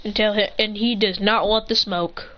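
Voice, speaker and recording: A woman's voice: mid-range voice, steady tone, moderate pace, muffled recording. A woman telling an improvised fan-fiction story in a casual, rambling way, with swearing and many self-corrections.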